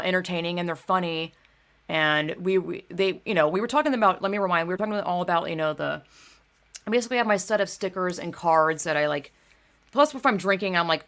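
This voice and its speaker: Rambling, profane woman with gravelly low voice. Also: a bit bright. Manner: rambling, profane, filler-heavy. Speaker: livestream host. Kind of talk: casual livestream chat.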